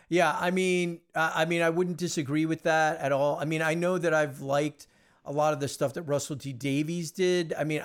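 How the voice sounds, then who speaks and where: A man with a somewhat raised voice chatting on a podcast. He rambles in a lively way, piles up fillers and restarts, and his delivery stays casual throughout. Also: a little high. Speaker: podcast host. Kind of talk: casual chat.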